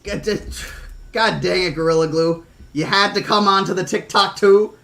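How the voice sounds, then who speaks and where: A man's voice: sits high, normal speed, creaky, fairly bright tone. Choked-up young streamer man gushing thanks. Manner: emotional, gushing, stammering thanks. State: choked up, near tears. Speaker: streamer reading a novel aloud. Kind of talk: casual live-stream chat.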